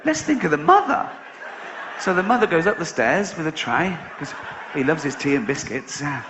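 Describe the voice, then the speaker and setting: A man's voice: a little high, big pitch swings, moderate pace, background noise. A man with an English accent doing a stand-up comedy set, telling stories, acting out other people's voices and breaking into laughter. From England. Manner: storytelling with acted-out voices and bursts of laughter. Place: large theatre stage before a live audience. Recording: roomy, muffled live concert recording. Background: audience laughter.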